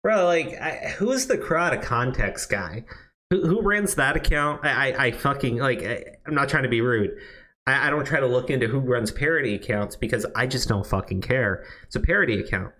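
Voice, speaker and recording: Animated, cursing, stammering male streamer. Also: mid-range voice, moderate pace. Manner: stammering, swearing, heated and ranting. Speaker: streamer and commentator. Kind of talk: profane live-stream commentary. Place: new office.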